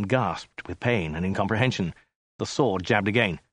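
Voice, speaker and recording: Guy reading a story aloud, deadpan, lowish voice, dry. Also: moderate pace, no room sound. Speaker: narrator. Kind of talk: scripted narration.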